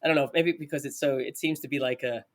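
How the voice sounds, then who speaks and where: A man's voice: fairly high pitch, fairly even intonation, fast. Upbeat New Jersey man hosting. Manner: enthusiastic, playful. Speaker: podcast host. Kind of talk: casual interview chat.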